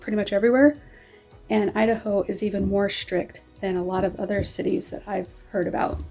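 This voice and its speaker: A woman's voice: medium pitch, flat delivery, fairly quick, vocal fry, a little mellow, faint music behind. Chatty woman vlogging to her viewers. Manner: enthusiastic and chatty. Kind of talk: casual talk to viewers.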